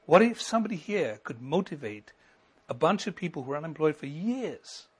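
A middle-aged male pastor preaching a sermon, building to emphatic lines and then dropping to a quiet, intimate tone. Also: on the high side, big pitch swings, brisk, husky. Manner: preaching with rising emphasis and sudden soft drops.

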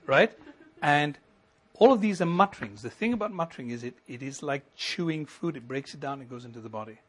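A middle-aged man preaches from the pulpit with a husky, slightly breathy voice that sits a little high for a man. His delivery swells into ringing emphasis and then falls back to a hushed, close tone. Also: animated, a little fast, hardly any pauses. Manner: preaching with rising emphasis and sudden soft drops. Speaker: pastor. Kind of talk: sermon.

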